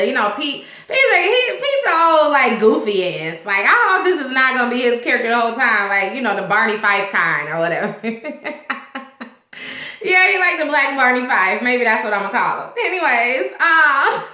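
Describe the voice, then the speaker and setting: Woman, casual TV recap, animated and slangy, bright ringing tone. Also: sits high, moderate pace, roomy sound. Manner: animated, slangy retelling with quoted voices. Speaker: TV episode reviewer.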